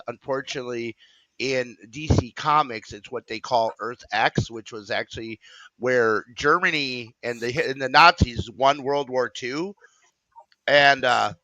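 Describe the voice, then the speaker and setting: A man's voice: mid-range voice, bright, forceful tone, no echo, lo-fi sound. A man hosting a casual stream chat, rambling with lots of fillers and restarts. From Wisconsin. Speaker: stream host.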